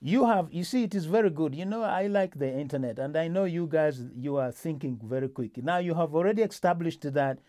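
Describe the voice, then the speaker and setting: A man's voice: a little high, brisk, hardly any pauses, warm tone. A male host in a casual political discussion, talking with many restarts and fillers.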